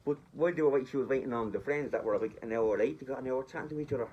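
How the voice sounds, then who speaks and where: A man's voice: mid-range voice, racing, darkish tone, breathy edge, lo-fi sound. A man telling a story in a chatty, rambling way, speaking directly to his listeners on a phone recording. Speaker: vlogger. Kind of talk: casual storytelling.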